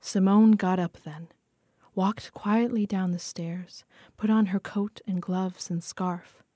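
A woman narrating a story aloud in a quiet, hushed voice that often sinks to a whisper. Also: mid-range voice, steady tone, slow, no room sound, studio quality. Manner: hushed, frequently dropping to a whisper. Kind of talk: audiobook reading.

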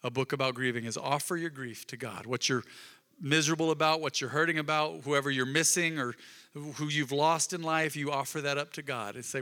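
A male pastor preaching a sermon in a church, swinging from loud emphatic bursts to soft, intimate murmurs. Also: fairly high pitch, steady tone, fairly quick. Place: church sanctuary. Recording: long reverb of a large hall.

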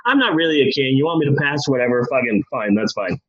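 A man's voice: medium pitch, animated, fast, breathy edge, dull audio, voice pushed down. A man voicing a careless, rebellious young puppet king in a comedy story, with a casual, swearing, exasperated delivery. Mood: dismissive.

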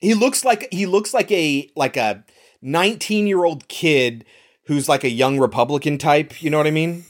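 A woman with a low voice recaps a movie's plot on a casual podcast. Her pitch rises and falls expressively as she fills her sentences with likes and you-knows. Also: animated, moderate pace. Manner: explains plot details, says like and you know a lot. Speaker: podcast co-host. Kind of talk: casual movie review chat.

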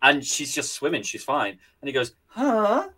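A man co-hosting a comedy podcast, spinning a silly story with frequent laughs and quick bursts of character voices. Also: mid-range voice, sharp tone, husky. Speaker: podcast co-host.

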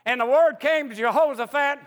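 A man's voice: very high voice, fairly quick. A man preaching a sermon in a fervent, emphatic way, his voice rising into outbursts, in a church sanctuary. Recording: echoey church hall reverb.

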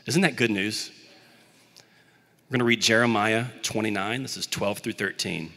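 Young guy preaching, kinda low voice but bright and punchy, laid-back churchy storytelling. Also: moderate pace, pauses often, in a large hall. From Birmingham, Alabama area. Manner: conversational, self-deprecating storytelling. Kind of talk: sermon.

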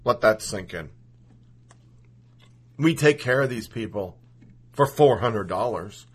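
A man's voice: on the low side, lively intonation, slow, breathy edge. A man reading a personal story aloud in the first person, earnest and emotional.

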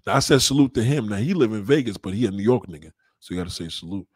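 Young male streamer, loose and profane, lowish voice, dry close sound, rambles to chat. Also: lively intonation, rapid-fire, breathy edge, no room sound. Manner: profane, rambling street talk with shout-outs. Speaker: livestream host. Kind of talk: casual livestream chat with viewers.

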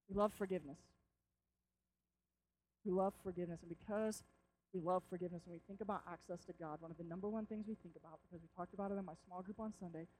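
Young male preacher, high voice, energetic anecdotal sermon delivery. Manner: animated storytelling, acts out shouts and quotes.

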